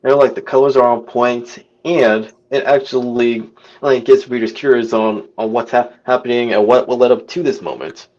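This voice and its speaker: A man's voice: medium pitch, fairly even intonation, moderate pace, a little mellow, muffled recording. A man joining a casual podcast by video call, earnest and often stumbling over his words. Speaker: guest panelist.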